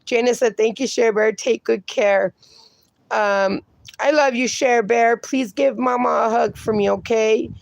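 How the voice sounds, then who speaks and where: A livestream host reading her chat aloud in an unhurried, relaxed way, laughing often between comments. Her voice is gravelly and a little high for a woman. The sound is dry and close, with no room echo. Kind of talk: casual chat.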